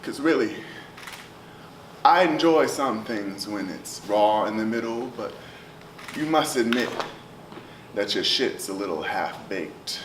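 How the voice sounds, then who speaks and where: A man performing spoken word poetry in a rhythmic, chanting delivery that swings between loud calls and near whispers. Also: fairly low pitch, slow, pauses often. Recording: roomy echo, distant mic, steady ambient noise.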